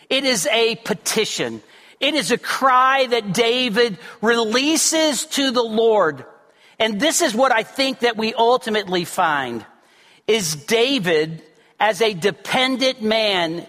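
A bright, high-pitched man preaching earnestly to his congregation. His sermon swings between near shouts and hushed low passages. The sound carries a long hall reverb from the church sanctuary. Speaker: pastor.

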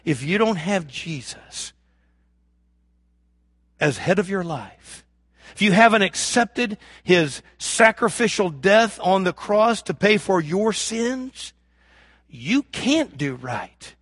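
A man preaching a sermon as pastor, swinging from loud emphasis to hushed lows and acting out imagined prayers. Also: lively intonation, slow, husky, no room sound, studio quality. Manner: acts out imagined prayers and voices of the congregation.

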